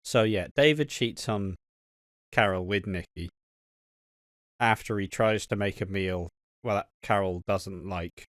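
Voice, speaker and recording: Low, dry-voiced man recapping crudely. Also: dry recording. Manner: swearing, laughing, rambling recaps. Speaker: podcast co-host. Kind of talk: casual crude podcast banter.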